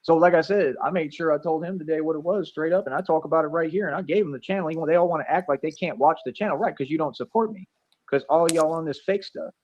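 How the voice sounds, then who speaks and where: A man's voice: fairly high pitch, fast talker, dull audio. A man ranting in a rambling, boastful, accusatory way on a livestream, repeating himself as he goes. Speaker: streamer being reviewed.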